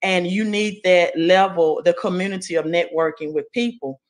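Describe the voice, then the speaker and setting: A woman with a Southern accent giving an earnest, motivational testimonial on a group call, with many pauses and "right?"s. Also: on the low side. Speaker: guest speaker.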